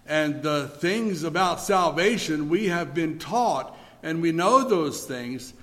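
A man preaching a sermon in a church, speaking deliberately with pauses and occasional fillers. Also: fairly high pitch, fairly bright tone. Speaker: pastor.

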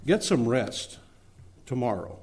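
A man voicing a doubtful male angel who gently questions, read aloud within a sermon story. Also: mid-range voice, very animated, takes it slowly, breathy edge, exaggerated voice. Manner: skeptical, questioning.

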